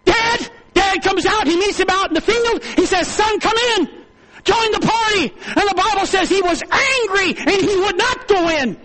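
A man preaching a sermon with fervent, repetitive delivery that climbs into loud, high-pitched exclamations. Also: animated, moderate pace, hardly any pauses, low-quality recording.

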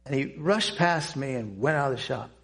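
An older man telling a personal testimony to a church audience, speaking in an earnest, halting way with pauses and restarts. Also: mid-range voice, vocal fry, a bit bright. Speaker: Christian speaker giving a testimony.

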